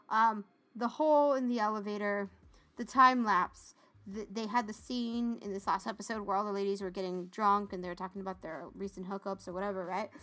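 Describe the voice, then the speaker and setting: A woman's voice: mid-range voice, bright, forceful tone. A young woman co-hosting a podcast, chatting casually and sarcastically, often laughing. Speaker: podcast co-host. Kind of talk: casual chat.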